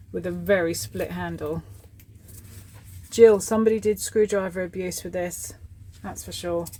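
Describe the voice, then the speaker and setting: A woman in her thirties talks her way through a box of scrap, unhurried and chatty. She thinks aloud in a relaxed, slow rhythm, and faint noise sits under her voice. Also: mid-range voice. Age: 30s. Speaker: scrapping vlogger. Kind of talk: casual commentary while sorting scrap.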